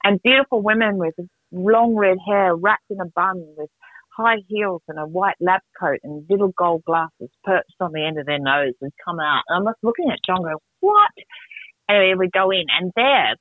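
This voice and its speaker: A middle-aged woman, telling stories in a casual podcast chat, animated and quick to laugh. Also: dry recording. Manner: animated, laughing, jumps between pitches. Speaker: podcast co-host. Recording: tinny phone-like dry sound.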